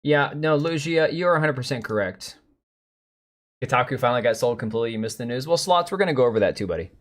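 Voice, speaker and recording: A man's voice: mid-range voice, lively intonation, fast talker. A middle-aged man hosting a live stream, rambling bluntly with profanity as he reads and answers chat.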